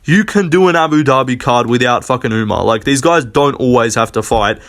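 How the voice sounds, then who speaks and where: Young man, casual solo rant, profane, blunt, rambling, mid-pitched voice, lots of fillers. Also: fairly quick, a bit bright. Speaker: MMA commentator.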